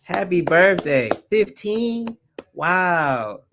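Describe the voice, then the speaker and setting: A man, hosting a casual livestream from home, laid-back and quick to laugh, calling his viewers y'all. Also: high voice, very animated, noisy background. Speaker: livestream host, father. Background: birthday music playing.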